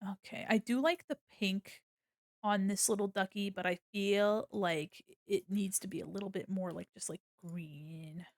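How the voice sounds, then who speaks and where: A woman's voice: mid-range voice, steady tone, normal speed, no room sound, clean studio sound. A young woman streaming as she draws, chatting casually in a playful manner, laughing often and swearing freely. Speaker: streamer and illustrator. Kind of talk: casual chat while drawing on stream.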